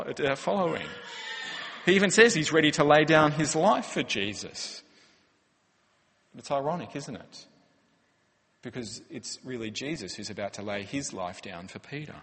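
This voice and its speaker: A man's voice: medium pitch, a bit bright. A man, a pastor preaching a sermon in an earnest, conversational way with rhetorical questions. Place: church hall. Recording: long church-hall reverb.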